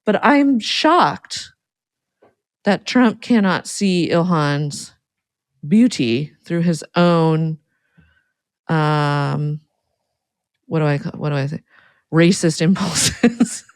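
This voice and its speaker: A woman's voice: low voice, lively intonation, very slow, pauses often, dry recording. A woman co-hosting a podcast in casual chat, wry and offhand, trailing into asides. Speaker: podcast co-host.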